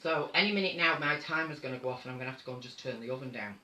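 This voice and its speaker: A man's voice: mid-range voice, racing, pushed and bright, reverberant, poor audio. A man with a North Manchester accent hosting a casual live stream from his home, chatty and theatrical, calling his viewers darling. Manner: camp, chatty, theatrical, calls people darling. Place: home room.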